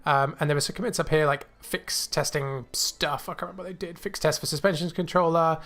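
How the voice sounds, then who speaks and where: A man hosting a coding livestream, thinking aloud with many fillers and restarts, a little choked and clearing his throat. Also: on the high side, fairly even intonation, brisk, fairly bright tone. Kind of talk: casual live coding walkthrough. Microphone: new desk mic.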